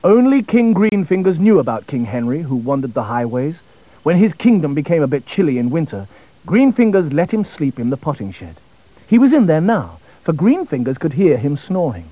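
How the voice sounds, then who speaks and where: A man narrating a children's storybook in an expressive, melodic way. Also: on the high side, no room sound, poor audio.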